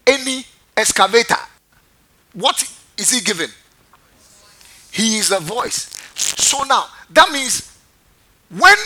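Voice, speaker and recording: High, lively, bright-voiced preacher man. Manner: quizzes the congregation, repeats phrases for emphasis. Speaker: pastor. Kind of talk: sermon with call-and-response.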